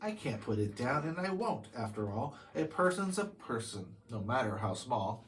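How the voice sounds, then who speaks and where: A man voicing a kind, loyal male elephant while reading a storybook aloud, in an earnest, steady manner. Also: medium pitch, moderate pace, a little hiss or hum, close to an everyday voice.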